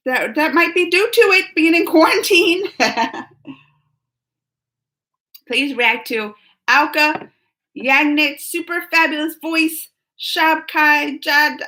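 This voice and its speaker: Woman, live-chat host at home; high, bright, chipper and talkative. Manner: chipper and chatty, reads viewer names aloud. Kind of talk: casual live-stream chat. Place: at home, just out of bed.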